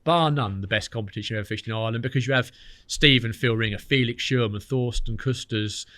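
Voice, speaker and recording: A man, a podcast guest telling lively stories in casual chat, acting out what others said. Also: medium pitch, no echo. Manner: fast, animated storytelling with quoted dialogue.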